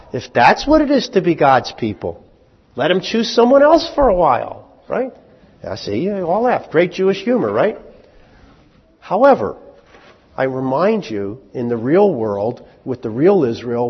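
Husky-voiced male pastor preaching conversationally. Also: mid-range voice, long reverb tail. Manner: conversational, asks the congregation rhetorical questions; acts out short dialogue in quick voices. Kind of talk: sermon. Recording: muffled lo-fi recording.

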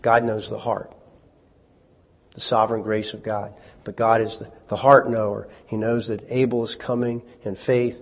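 Wry preacher in an echoing hall. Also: male voice, on the low side, level tone, moderate pace, gravelly. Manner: conversational, wry, with rhetorical questions. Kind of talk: sermon. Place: church hall with congregation. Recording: echoey hall, dull lo-fi sound.

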